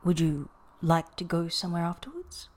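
A woman reading a podfic, voicing a gentle young man who speaks softly and affectionately. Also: on the low side, expressive, moderate pace. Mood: fond. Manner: soft-spoken, affectionate.

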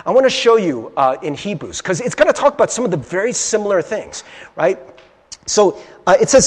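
A male pastor preaching in a casual, conversational way and asking the room "right?" again and again. His voice is high and husky, and it moves in lively leaps of pitch. A long reverb tail hangs after his phrases, as in a large church hall. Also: fairly quick. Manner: animated storytelling. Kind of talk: sermon.

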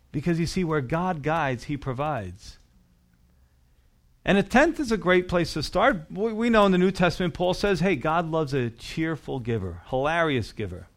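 Emphatic male pastor preaching. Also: on the high side. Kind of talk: sermon. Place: church.

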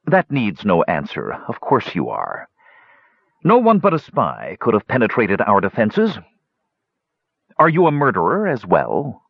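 A man voicing a cruel hunchbacked male dwarf savant, silky, mocking and sinister, with a husky voice. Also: lowish voice, wildly swooping pitch, measured pace, no echo, dull audio, voice pushed up, full character voice.

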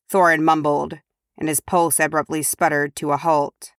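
A woman reading a fan audiobook chapter in a measured, even narration close to the mic. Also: low voice, no echo.

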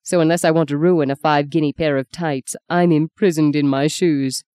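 A woman voicing a quick-tongued, teasing young actress in an audiobook reading. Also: deep voice, steady tone, warm tone, clean tone, dry recording, close to an everyday voice. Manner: brisk, mocking, spirited.

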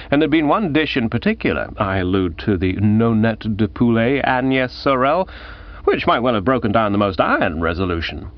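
A man narrating a first-person comic novel in a lively, arch storytelling manner. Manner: lively, arch storytelling with wide pitch swings. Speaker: audiobook narrator. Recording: dull lo-fi audiobook recording.

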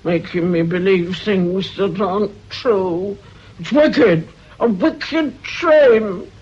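A spiteful, scheming old crone. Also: female voice, medium pitch, slow, darkish tone, husky. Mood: harsh, accusing. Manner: bitter, muttering threats. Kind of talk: radio drama acting. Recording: dull lo-fi old radio recording.

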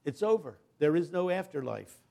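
An older man preaching a guest sermon, telling stories with humor and building to loud, impassioned climaxes. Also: a little high, sing-song, moderate pace, gravelly.

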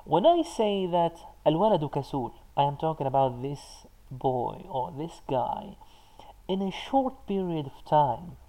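This is a man leading a live online lesson and working through comments from the chat. His voice is mellow and dark rather than bright. He explains patiently in halting phrases, often pausing on filler sounds before he finds the word. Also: fairly high pitch, lively intonation, rough recording. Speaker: Arabic teacher.

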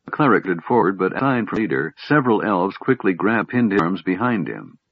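A man narrating a fantasy audiobook in an expressive, dramatic reading. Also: sits low, brisk, no echo, narrow, tinny audio.

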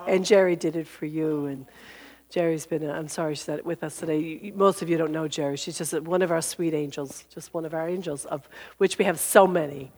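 A woman's voice: deep voice, brisk, darkish tone. A woman minister leading a sharing time, telling a story in a chatty, laughing manner. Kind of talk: warm informal church address. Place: church service.

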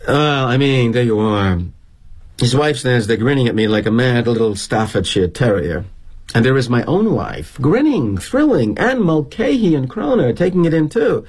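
A middle-aged actor playing a weary, guilt-ridden corporate executive in a dramatic monologue, wry and confiding. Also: male voice, mid-range voice, sing-song, normal speed, a little mellow, slightly rough.

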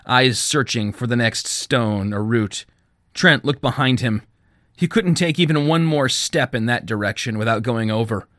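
A man, the author, reading his own fiction aloud in a measured storytelling manner. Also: mid-range voice, a bit bright, no room sound, clean studio sound. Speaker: author and narrator.

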